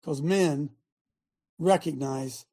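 A middle-aged man hosting a talk show, speaking in an animated, emphatic way with lots of repetition. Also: on the high side, drawn-out words. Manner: animated, emphatic, repeats himself, often laughs. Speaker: show host. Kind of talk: casual talk show monologue.

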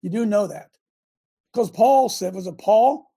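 An older man hosting a talk radio show, delivering a fiery, repetitive preachy rant that rises to shouts. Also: sits high, unhurried, gravelly, slightly rough.

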